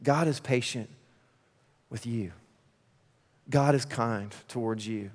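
A man preaching a sermon in church, conversational and energetic with laughing asides. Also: mid-range voice, slow. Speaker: pastor. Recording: long reverb of a large hall.

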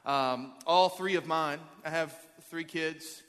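A man in his thirties, a pastor preaching a sermon, energetic and joking as he rallies the crowd. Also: a little high, slow. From Arkansas. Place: large church auditorium. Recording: long hall reverb.

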